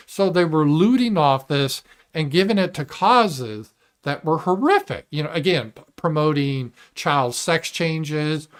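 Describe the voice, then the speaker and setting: A male livestream host talking in a slightly high voice, in a loose, blunt commentary monologue. He swears freely and reads viewer messages aloud between remarks. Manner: blunt and profane, mimics opponents in mocking voices. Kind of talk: casual political commentary monologue.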